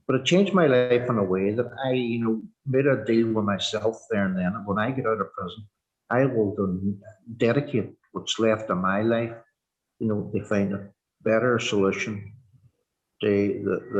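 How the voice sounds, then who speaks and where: Older Northern Irish man, halting testimony. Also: fairly low pitch, highs cut off. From Northern Ireland. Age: 60s. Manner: halting, heavy with "you know" fillers; reflective and earnest. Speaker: former prisoner sharing his story. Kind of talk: personal testimony.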